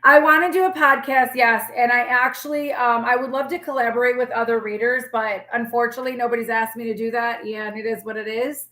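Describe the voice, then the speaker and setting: A woman, a tarot reader talking candidly to her live-stream viewers in a sassy, feisty, rambling way, with a forceful tone that can sound like yelling. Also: fairly high pitch, steady tone, fairly quick, few pauses. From New York. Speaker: tarot reader and channel host. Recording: echoey room.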